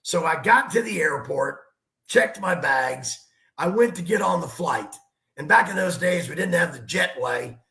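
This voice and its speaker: A man's voice: on the high side, measured pace, creaky, reverberant. A man, a basketball coach, telling stories and giving emphatic sports analysis on a talk show. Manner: animated storyteller, emphatic.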